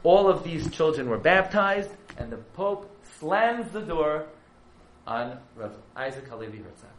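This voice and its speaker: Male yeshiva rabbi, dramatic sermon storyteller, slightly high voice, roomy echoing hall. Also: very animated, unhurried, a little hiss or hum. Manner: dramatic storyteller, surging from hushed to loud.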